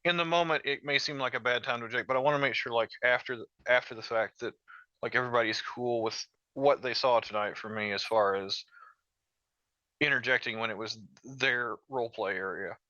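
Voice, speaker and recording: Player guy being earnest, smooth bright voice, dull dry mic. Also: medium pitch, fairly quick, no room sound. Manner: earnest, uses many fillers. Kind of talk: casual out-of-character table talk.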